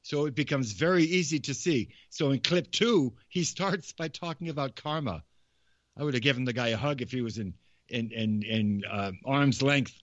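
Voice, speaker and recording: A man's voice: mid-range voice, moderate pace, no room sound. A man hosting a show, giving rambling, repetitive casual commentary. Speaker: podcast host. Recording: slightly muffled, dry recording.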